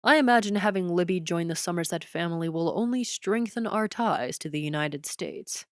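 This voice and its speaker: A woman voicing a polite, composed young prince in an audiobook, speaking in a measured, formal way. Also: lowish voice, no room sound, studio quality, lightly acted.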